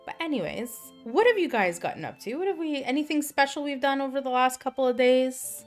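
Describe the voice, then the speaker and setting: A woman's voice: high-pitched, animated, fairly quick, faint music behind. Candid rambling woman streamer. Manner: candid, rambling storyteller with crude humor. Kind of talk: casual chat with live chat.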